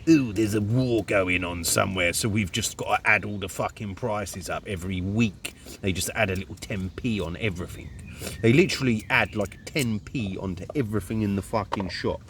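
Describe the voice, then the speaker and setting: A man's voice: lowish voice, moderate pace, fairly bright tone, slight background noise. Ranting sweary man from Luton. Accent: English, Luton. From Luton, England. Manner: swears constantly, rambling and indignant. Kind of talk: profane ranting monologue.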